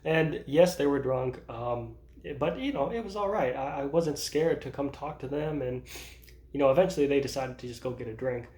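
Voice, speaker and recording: A man's voice: mid-range voice, normal speed, a little mellow. A man in his thirties talking casually about his own life in a vlog, rambling with many restarts and laughing at himself. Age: 30s. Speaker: vlogger. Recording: roomy echo.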